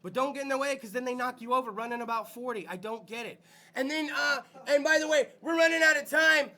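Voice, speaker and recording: A man hosting a podcast with loose comedic chat, profane and rowdy, often bursting into shouts. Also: very high voice, quick pace. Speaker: podcast host.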